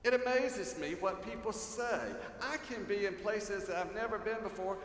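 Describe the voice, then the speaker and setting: An older man preaching a sermon as pastor, telling stories and swinging from loud to hushed. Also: high voice, normal speed, a little hiss or hum. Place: large church sanctuary. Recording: echoey hall, faint ambience.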